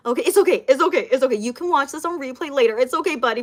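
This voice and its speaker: A woman's voice: sits high, very fast, hardly any pauses. A young woman chatting casually on a live stream, repeating herself, laughing often and reading viewer comments aloud.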